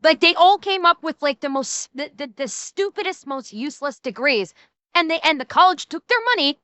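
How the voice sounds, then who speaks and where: A woman streamer chatting casually and reacting to clips, animated and jokey, repeating herself as she goes. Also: high-pitched, moderate pace, no echo.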